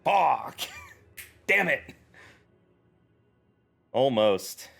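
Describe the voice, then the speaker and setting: Excitable joking male game streamer. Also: mid-range voice, extremely slow, gravelly. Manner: excitable, swears, jokey. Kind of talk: casual gameplay commentary, reading dialogue aloud. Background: faint game music.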